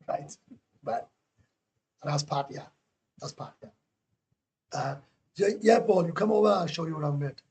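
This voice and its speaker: A man calling into a livestream, telling stories in a rambling, excitable way with plenty of swearing and tag questions. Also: on the high side, moderate pace, pauses often. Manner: keeps adding tag questions. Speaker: guest YouTuber calling into a livestream. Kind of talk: casual livestream chat.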